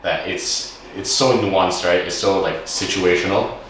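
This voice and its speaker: A man, explaining things in a measured way during a casual podcast chat. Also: sits low, a bit bright, a little hiss or hum. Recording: echoey room, mic far off.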